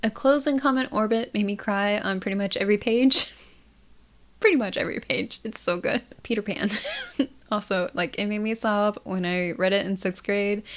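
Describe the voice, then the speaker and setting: A young woman chatting casually about books she read, laughing often and reading quotes aloud softly. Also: mid-range voice. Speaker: book vlogger. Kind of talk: casual book chat to camera.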